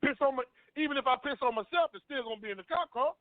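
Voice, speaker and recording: A man's voice: very high voice, animated, fast, dry recording. A man on a talk panel, earnestly telling a long personal story and often repeating himself. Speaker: panel guest. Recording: dry phone-line sound.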